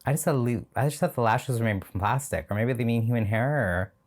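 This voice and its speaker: A man's voice: medium pitch, brisk. A man hosting a reaction video, talking casually and sardonically and laughing often.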